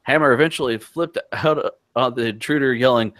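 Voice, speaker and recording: A man's voice: medium pitch, brisk, fairly bright tone, no echo. A man co-hosting a casual tech podcast, reading news stories aloud and cracking jokes between them. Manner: reads news items aloud with asides and jokes.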